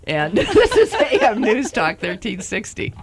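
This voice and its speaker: A woman's voice: mid-range voice, huge pitch swings, measured pace, over music. A woman hosting a talk radio show, bantering with guests in a teasing manner and laughing easily.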